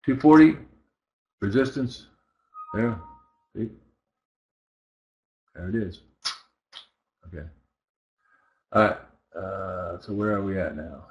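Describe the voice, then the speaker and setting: Speaking slowly with long pauses, this trading instructor has a fairly low, slightly mellow voice, captured on a rough recording with a little hiss or hum. He casually walks through his currency charts live, chatting as he works and regularly checking in with listeners through rhetorical questions.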